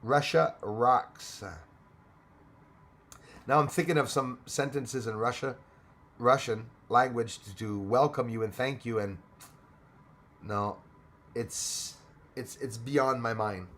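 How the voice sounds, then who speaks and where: A man's voice: medium pitch, slow, long pauses, fairly bright tone. A man from Canada hosting a casual livestream, chatty, thanking viewers by name and laughing often. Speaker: livestream host.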